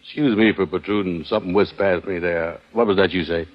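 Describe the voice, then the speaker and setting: Male comic: low voice, slow deadpan delivery; 1940s radio banter, muffled broadcast. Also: heavy background noise. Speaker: comedian.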